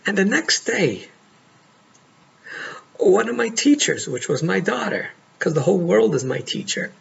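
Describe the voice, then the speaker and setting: Middle-aged man, gravelly voice, earnest heartfelt coaching talk, dull lo-fi recording, faint hiss. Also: high-pitched, sing-song. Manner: earnest, heartfelt, pauses often to stress words. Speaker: life coach. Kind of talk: monologue to camera. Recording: dull lo-fi audio with faint noise.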